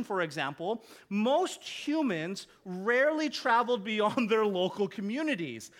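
A man's voice: high voice, a bit bright. Male pastor, conversational sermon. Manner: conversational, asks the congregation questions, light humor. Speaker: lead pastor. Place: church hall with congregation.

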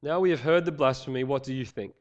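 A man preaching a sermon, praying and reading scripture in an earnest, measured way, slightly nasal from a head cold. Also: mid-range voice, a little mellow, highs cut off. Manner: earnest, measured, some fillers.

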